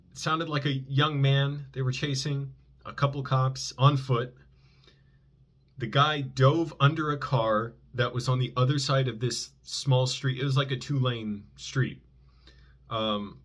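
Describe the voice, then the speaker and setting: A man's voice: mid-range voice, fairly bright tone. Man rambling through a personal story. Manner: rambling, self-correcting, many fillers. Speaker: vlogger.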